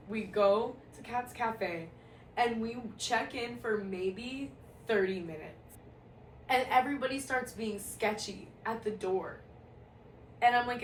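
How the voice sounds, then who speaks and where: A woman's voice: mid-range voice, a bit bright, a little hiss or hum. A woman telling a personal story in a casual, profane, blunt way, with lots of "like". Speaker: storyteller vlogger. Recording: echoey room, mic a bit far off.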